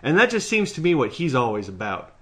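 A man's voice: mid-range voice, big pitch swings, fast talker, fairly bright tone. A man co-hosting a podcast in casual chat, sardonic and profane, mocking others with impressions. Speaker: podcast co-host.

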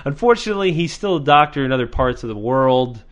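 A man hosting a podcast in casual chat, animated and sarcastic, swearing freely. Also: mid-range voice, brisk. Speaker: podcast host.

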